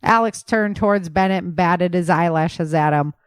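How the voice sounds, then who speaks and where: A woman reading a novel aloud as narrator, with steady storytelling. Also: fairly low pitch, moderate pace, smooth, dry recording. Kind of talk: audiobook narration.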